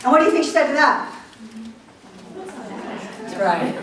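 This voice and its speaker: A woman's voice: sits high, moderate pace, long pauses, a faint crowd. A woman giving a humorous motivational talk to a live audience, telling stories with lots of laughs and acted-out quotes. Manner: animated storytelling with frequent laughs and acted-out quotes. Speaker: keynote speaker. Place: large hall with a live audience. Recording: echoey hall, distant mic, audience noise.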